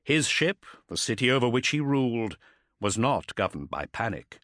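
A man's voice: medium pitch, big pitch swings, normal speed, a bit bright, no room sound, clean studio sound. A man reading an audiobook in dramatic, vivid scripted narration.

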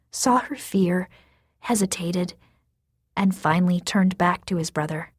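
A woman reading a story aloud in a soft, measured way that sometimes drops to a whisper. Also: on the low side, breathy edge, no room sound, studio quality. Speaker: narrator.

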